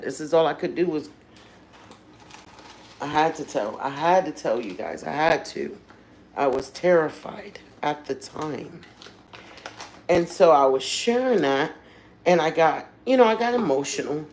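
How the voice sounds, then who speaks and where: A woman with a low voice hosts a casual livestream. She talks openly and with feeling, speaking right to her viewers. There is a faint noise in the background. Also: expressive, moderate pace, a little mellow, low-quality recording. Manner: emotional, candid, addresses viewers directly. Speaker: livestream host.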